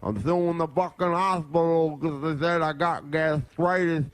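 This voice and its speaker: A man impersonating a crude, rambling older man, talking slowly with slurred, odd phrasing in a dry, close recording. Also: a little high, steady tone, no room sound, lightly acted.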